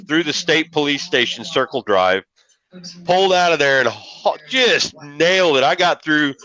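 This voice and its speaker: A man's voice: mid-range voice, bright, forceful tone, highs cut off. A middle-aged man from Illinois, hosting and telling rambling, folksy stories with casual swearing. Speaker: show host. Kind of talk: casual storytelling.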